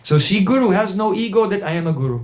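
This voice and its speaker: A man's voice: sits high, lively intonation, fast. A man giving a spiritual talk through anecdotes, with rhetorical asides and quoted voices. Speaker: spiritual teacher. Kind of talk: storytelling sermon.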